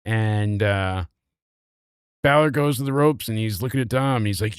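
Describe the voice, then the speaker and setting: A man recapping a wrestling show in a casual, animated, sarcastic way, swearing freely. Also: fairly low pitch, normal speed, smooth, dry recording, studio quality.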